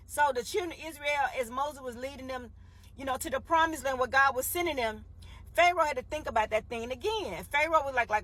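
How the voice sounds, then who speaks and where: High, husky-voiced woman preaching. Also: animated, normal speed, fairly bright tone. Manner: emphatic and repetitive, calls listeners "baby". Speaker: minister. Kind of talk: preaching a Bible story.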